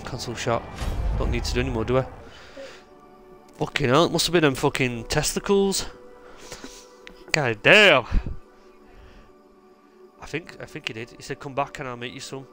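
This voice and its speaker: A man giving excitable, joking live gameplay commentary, swearing a lot. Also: medium pitch, normal speed, pauses often, faint music behind. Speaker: streamer.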